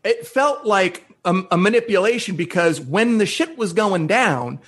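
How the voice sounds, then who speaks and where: A man with a fairly high voice co-hosts a casual chat. He talks earnestly in quick bursts and restarts his sentences often. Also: expressive.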